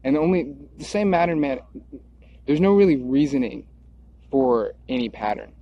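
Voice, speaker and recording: At a moderate pace, a video creator with an expressive, medium-pitched voice wanders through a rambling monologue, repeating words and returning to earlier thoughts. There is no room sound, though the recording is dull and lo-fi.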